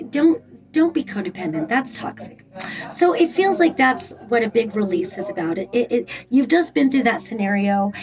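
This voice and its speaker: Slightly high-voiced woman reading tarot. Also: darkish tone, rough recording. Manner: rambling, with frequent fillers and blunt swearing. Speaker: tarot reader.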